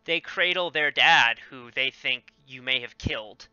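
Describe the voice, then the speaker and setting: A man running a tabletop game as game master, talking haltingly with many ums and self-corrections over a dull lo-fi mic. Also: medium pitch, pushed and bright, smooth, no echo.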